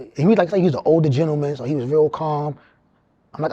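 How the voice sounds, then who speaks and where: A man around forty, telling his own life story in an animated, streetwise way, often repeating words as he goes. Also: fairly high pitch, fast talker, no room sound, lo-fi sound. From New York. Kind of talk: casual storytelling.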